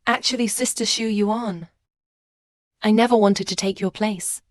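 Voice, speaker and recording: A woman's voice: medium pitch, fairly even intonation, a little slow, dry recording, studio quality, close to an everyday voice. A woman voicing a young pregnant mistress who talks in a whiny, falsely sweet way. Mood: simpering.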